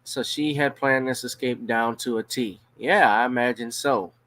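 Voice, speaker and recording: A man's voice: mid-range voice, fairly even intonation, fairly bright tone, no echo. A man from Louisiana, giving blunt, profane casual commentary on a news story. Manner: blunt, profane, drawn-out emphasis.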